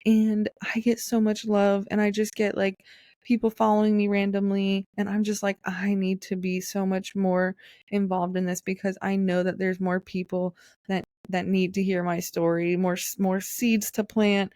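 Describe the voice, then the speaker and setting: A woman's voice: medium pitch, level tone, normal speed, dark tone, no room sound, studio quality. A young adult woman hosting her own podcast, talking in an earnest, rambling monologue full of fillers and restarts. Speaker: podcast host. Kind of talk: casual personal monologue.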